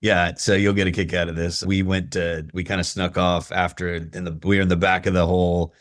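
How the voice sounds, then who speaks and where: A man hosting a podcast, chatting casually and telling lively stories. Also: deep voice, brisk, dry recording, clean studio sound. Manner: chatty storyteller, animated when laughing. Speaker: podcast host. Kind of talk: casual conversation.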